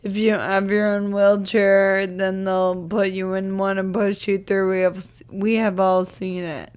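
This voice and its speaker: A woman's voice: medium pitch, flat delivery, measured pace, clear, resonant tone. A young woman co-hosting a podcast in casual chat, teasing, blunt and swearing casually. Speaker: podcast co-host.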